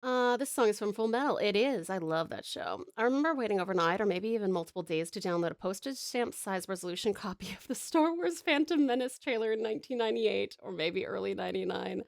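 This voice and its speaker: A woman's voice: mid-range voice, expressive, fast talker, vocal fry, hardly any pauses, dry recording, studio quality. A woman in her thirties, a streamer chatting with viewers while she draws, rambling and giggling with lots of fillers. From Tasmania, Australia. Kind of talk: casual chat with viewers while drawing.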